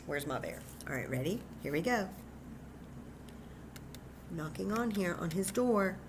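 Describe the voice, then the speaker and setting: A woman leading a children's story time at home, speaking slowly in a sing-song way and talking directly to the kids. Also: fairly low pitch, sing-song, background noise. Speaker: children's librarian. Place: home room with a cat nearby.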